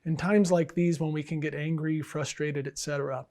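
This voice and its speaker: A man's voice: a little high, steady tone, moderate pace, darkish tone. A middle-aged man, a college English professor, telling bad jokes in a dry, unbothered way with plenty of ums and uhs. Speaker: English professor and department chair. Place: college setting.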